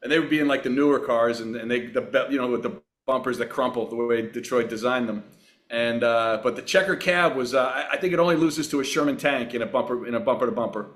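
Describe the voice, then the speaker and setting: A man's voice: medium pitch, fast, a bit bright. Easygoing man in his sixties telling stories. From Long Island, New York. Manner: easygoing, rambling anecdotes with frequent fillers. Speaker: guest actor. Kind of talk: relaxed storytelling in a podcast interview.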